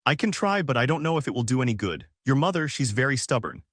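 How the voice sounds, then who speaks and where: A man voicing a tired, gentle middle-aged father who speaks softly and carefully. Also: mid-range voice, very animated, quick pace, slightly rough, no echo, clean studio sound. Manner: soft and careful.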